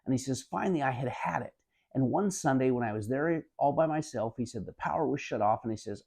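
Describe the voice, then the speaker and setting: Motivational speaker, man, gravelly low tone, earnest storytelling, keeps saying "he said". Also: mellow. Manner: retells an anecdote, repeating "he said" often; addresses listeners as "my friends". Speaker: motivational speaker summarizing a book. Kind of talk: earnest spoken book commentary.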